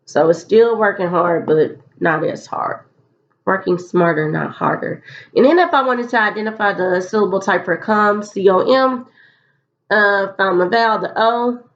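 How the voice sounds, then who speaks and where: A woman's voice: medium pitch, normal speed, lo-fi sound. A woman teacher leading a recorded phonics lesson, explaining step by step and repeating key phrases so students can follow.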